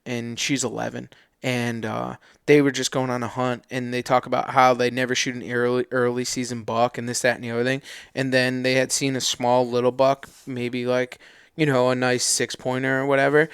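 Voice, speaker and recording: A man chats on a podcast, rambling through stories with slangy enthusiasm. His voice is smooth and resonant at an ordinary pitch. The sound is dry, with no room echo. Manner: animated storyteller, slangy and loose. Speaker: podcast co-host. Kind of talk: casual podcast chat.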